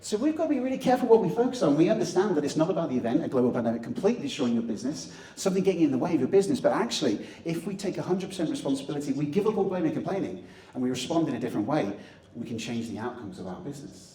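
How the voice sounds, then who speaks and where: Lively man on an echoey stage. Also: a little high, very fast. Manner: animated, jokey, leads audience chants. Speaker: motivational speaker and magician. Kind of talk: live stage talk with audience participation. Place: conference hall stage. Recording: echoey hall, distant mic, faint ambience.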